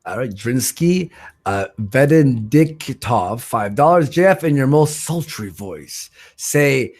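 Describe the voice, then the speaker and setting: A man's voice: mid-range voice, expressive, takes it slowly, a little mellow. Casual man reading stream donations. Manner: loose and joking, stumbling over viewer names. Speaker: stream host.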